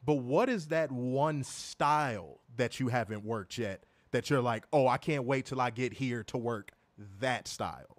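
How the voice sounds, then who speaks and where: A man from the Midwest hosting an interview in a hyped, playful, animated way. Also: mid-range voice, measured pace, hardly any pauses, no echo. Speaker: host. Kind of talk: casual interview chat.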